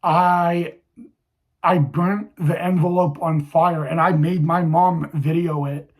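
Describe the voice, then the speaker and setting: A young man telling a personal story to viewers, halting and emotional, with many restarts. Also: on the high side, steady tone.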